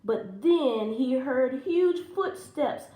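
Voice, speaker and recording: Slow, expressive woman teacher reading aloud. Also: sits high. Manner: expressive and animated. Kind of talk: storybook read-aloud for children. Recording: roomy echo.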